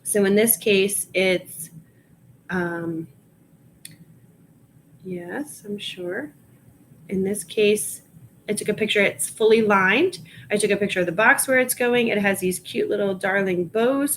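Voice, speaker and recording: A woman with a Long Island accent talks slowly and casually at home, half-muttering and reading out loud to herself while she works. Her voice sits in a middle range, with a faint hiss of noise in the background. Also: mid-range voice, low-quality recording. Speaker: reseller listing items live. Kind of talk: casual livestream chat while working.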